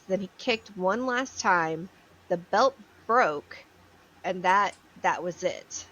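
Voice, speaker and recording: Woman co-host, kinda low voice, blunt and swears a bit, dull lo-fi audio. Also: expressive, slow, a bit bright. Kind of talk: casual podcast chat, retelling a court case.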